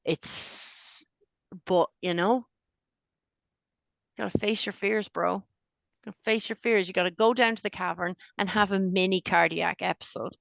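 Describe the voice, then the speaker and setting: Woman with a gravelly voice. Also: medium pitch, unhurried, pauses often, no room sound. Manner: profane, animated storyteller, laughs often. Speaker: podcast co-host. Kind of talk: casual chat.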